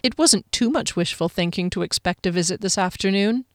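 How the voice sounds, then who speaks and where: A woman narrating a fantasy novel aloud with an expressive, dramatic reading. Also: medium pitch, a little fast, dry recording, clean studio sound. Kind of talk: audiobook narration.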